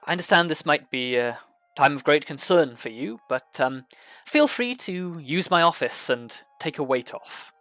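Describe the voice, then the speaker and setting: Brief: a man doing a formal, courteous drow official; quiet, bright, dry sound. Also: on the high side, expressive, normal speed, dry recording, faint music behind. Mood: polite. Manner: polite and formal. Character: male drow official, polite and composed.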